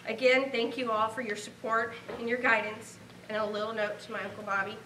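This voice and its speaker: A woman's voice: fairly high pitch, flat delivery, brisk, bright, forceful tone, echoey room, far from the mic, a little hiss or hum, low-quality recording. A woman in her thirties from Nebraska giving a heartfelt award acceptance speech, earnest and grateful. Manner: heartfelt, earnest, speaking of a lost relative.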